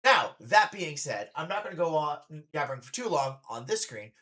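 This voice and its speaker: A man's voice: a little high, big pitch swings, normal speed, pushed and bright. A man, a drag performer, hosting a casual reaction stream with chatty, playful teasing.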